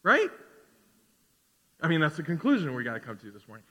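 Male pastor, sermon, high voice, loud declarations and quiet asides, church hall echo. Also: a little fast, a little hiss or hum. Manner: animated preaching, swinging from loud to quiet asides. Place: church sanctuary.

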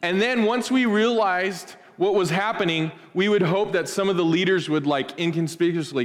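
A man's voice: sits high, moderate pace, few pauses. Preaching man in a reverberant church. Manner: conversational preaching, rising to loud animated bursts. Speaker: pastor. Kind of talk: sermon. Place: church sanctuary. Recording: long hall reverb.

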